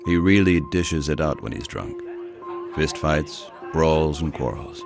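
Documentary voice-over, man, very deep and gravelly, grave and measured. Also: over music. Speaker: documentary narrator. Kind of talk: scripted narration.

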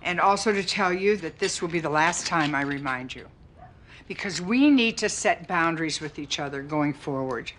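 A quirky woman who talks in long, self-correcting rambles. Her voice sits on the low side, with a faint hiss beneath it. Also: expressive, normal speed, a bit bright. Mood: chatty.

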